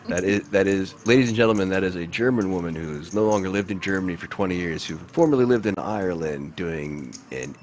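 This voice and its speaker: A man calling live poker hands in a relaxed, joking play-by-play style. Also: deep voice, fairly quick, hardly any pauses, slight background noise. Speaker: poker commentator.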